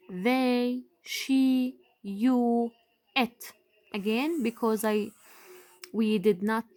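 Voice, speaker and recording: A young woman teacher giving a patient, deliberate lesson to young children, stretching out key words for emphasis. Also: fairly high pitch. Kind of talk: slow, deliberate classroom explanation.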